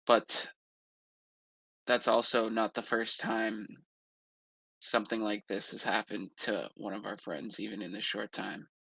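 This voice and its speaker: A man's voice: fairly low pitch, level tone, vocal fry, bright, forceful tone, slightly rough, no echo, heavily acted, rough recording. A man playing a somber protective adventurer. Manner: slow, halting in-character storytelling. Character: grieving male adventurer, steady and protective. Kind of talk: tabletop role-play in character.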